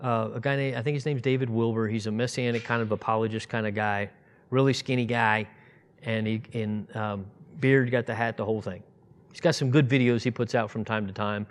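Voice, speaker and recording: A man's voice: on the low side, fairly even intonation, a little fast. Brief: man, 50s, informal sermon, chatty and digressive, flares into emphatic bursts. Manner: conversational, digressive, rising to emphatic outbursts. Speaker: preacher.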